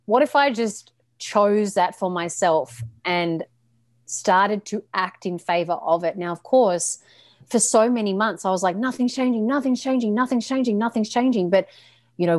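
Aussie woman coach, lively chatty podcast talk, bit sweary, dry close sound. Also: lowish voice, no room sound. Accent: Australian. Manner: animated, swears casually, laughs often. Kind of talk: casual podcast conversation.

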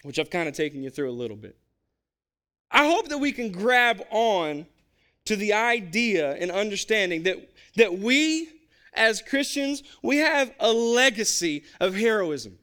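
A man preaching a sermon in an animated, conversational, joking way. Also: high-pitched, unhurried, clear, resonant tone. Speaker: pastor and basketball coach.

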